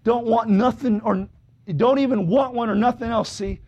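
Fervent man in the pulpit, rasping high-pitched delivery, shouts and hallelujahs. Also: moderate pace, muffled recording. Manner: fervent, calls out brother, sister, shouts hallelujah. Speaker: preacher. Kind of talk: sermon. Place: church service with congregation responding.

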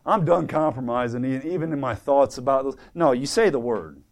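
A man preaching a sermon with fervor, swinging from quiet asides to loud exclamations and quoting scripture. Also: mid-range voice, brisk. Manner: fervent, swings from quiet to loud, quotes scripture in old English.

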